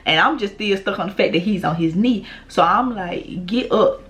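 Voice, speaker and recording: A woman's voice: mid-range voice, normal speed, fairly bright tone. A young woman vlogger, telling a blunt, profane story in casual storytime style.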